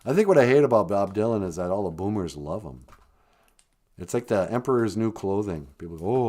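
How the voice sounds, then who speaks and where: A man's voice: on the low side, animated, brisk, mellow. A man hosting a casual comedic chat, rambling and joking with strong opinions. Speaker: podcast host.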